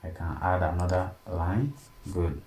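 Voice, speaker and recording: A man teaching a design software tutorial step by step and often checking in with "okay?". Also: low-pitched, unhurried. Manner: steady step-by-step explaining, frequent "okay?" check-ins. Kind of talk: screen-recorded tutorial narration. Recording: echoey room, faint background noise.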